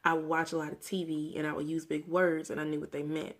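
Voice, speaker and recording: Young woman from mississippi ranting to her camera, lowish voice with lots of vocal fry, earnest and reflective. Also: flat delivery, fast. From Mississippi, USA. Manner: earnest, reflective, talks through memories candidly. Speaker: vlogger. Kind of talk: personal rant to camera.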